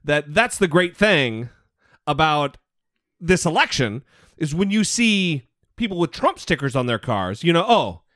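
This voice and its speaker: A man's voice: on the high side, very animated, unhurried, fairly bright tone, no echo, studio quality. A man hosting a podcast, in blunt, profane and teasing casual political chat. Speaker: podcast host.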